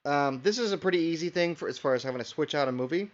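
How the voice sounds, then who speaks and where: A man's voice: fairly high pitch, animated, quick pace. A man co-hosting a casual movie review podcast, dropping dry joking asides. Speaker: podcast co-host. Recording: dull lo-fi podcast audio.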